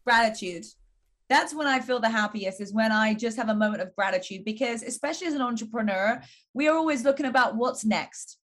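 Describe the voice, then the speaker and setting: A woman's voice: a little high, fairly quick, fairly bright tone. An English woman, a fitness entrepreneur, answering interview questions in an upbeat, casual way, leaning heavily on "like". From England. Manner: upbeat, heavy use of "like".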